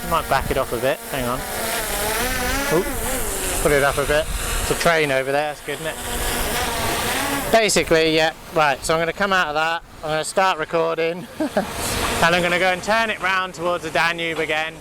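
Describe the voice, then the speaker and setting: A man's voice: on the high side, steady tone, brisk, very noisy. A man giving casual, rambling commentary outdoors while flying a drone, with lots of fillers and restarts. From United Kingdom. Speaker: drone vlogger. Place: outdoors by a river.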